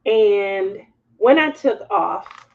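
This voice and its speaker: A woman hosting a craft livestream, telling a story to her viewers in candid, animated casual chat and laughing as she goes. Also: mid-range voice, extremely slow, narrow, tinny audio.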